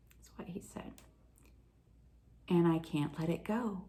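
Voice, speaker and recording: A woman's voice: fairly low pitch, slow pace, mellow. A woman telling a personal story in a casual, earnest, confessional way, often laughing at herself.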